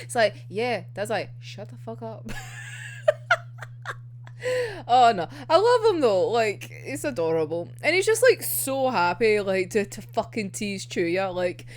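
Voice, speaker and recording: A woman's voice: medium pitch, big pitch swings, measured pace. A young woman reacting to a manga chapter, gushing, giggling often, swearing freely and saying "like" constantly. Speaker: manga reviewer.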